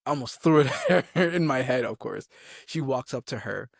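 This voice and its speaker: A man's voice: medium pitch, normal speed, gravelly, no room sound. A young man, a soldier, chatting casually and telling stories with lots of animation and laughter. His voice sits in a middle register, and the sound is close and dry. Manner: animated, laughing, acts out quotes. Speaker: army soldier, podcast guest. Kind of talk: casual storytelling chat.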